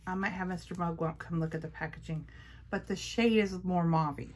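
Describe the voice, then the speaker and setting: A woman talks her way through a makeup haul in a relaxed, chatty way. Her voice sits a little low. She gushes and says the same praise over and over. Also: brisk, a little hiss or hum. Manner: gushing, chatty, repeats praise. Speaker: beauty vlogger. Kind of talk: casual makeup haul chat.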